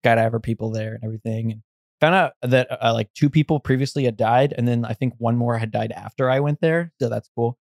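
A man's voice: mid-range voice, steady tone, a little fast, gravelly, darkish tone, no room sound, clean studio sound. A young man in casual chat, telling a long story that rambles with fillers and restarts.

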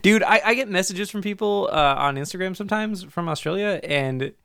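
A man's voice: high voice, a little fast, creaky, a bit bright, clear, resonant tone, no echo, clean studio sound. A man hosting a podcast in casual chat, upbeat and asking questions. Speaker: podcast host.

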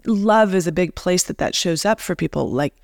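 A woman coach giving a slow, reflective motivational talk, speaking straight to the listener. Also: fairly low pitch, expressive, gravelly, a little mellow, no room sound, studio quality.

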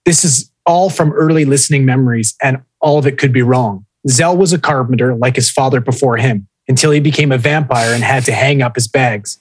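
A man's voice: medium pitch, fairly quick, few pauses, husky, dry recording, poor audio. A man co-hosting a casual podcast, telling a story with lots of swearing and reading listener posts aloud. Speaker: podcast co-host.

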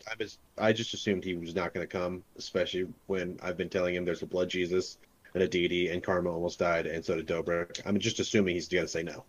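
A man's voice: deep voice, little pitch movement, fast, husky, highs cut off. A man playing a tabletop game, describing his character's actions in a joking, rambling way. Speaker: player. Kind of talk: casual tabletop play.

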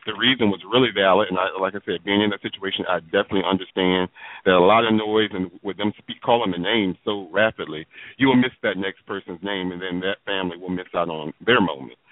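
Low-voiced man on a tinny line. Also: no echo. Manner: measured, hesitant with fillers. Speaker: co-host. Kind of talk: casual chat. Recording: tinny phone-like sound.

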